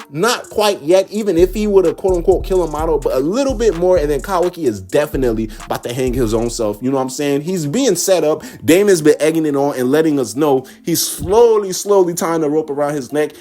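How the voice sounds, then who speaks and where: Slangy, animated man with a higher voice. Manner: slangy, animated, talks straight to chat. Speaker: manga spoiler commentator. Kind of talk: casual reaction commentary. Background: faint background music.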